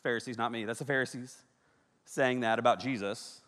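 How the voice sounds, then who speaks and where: A man's voice: mid-range voice, fairly quick. A male pastor preaching with humor, joking with the crowd and acting out bits of dialogue. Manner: joking, animated, acts out dialogue. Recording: long reverb of a large hall.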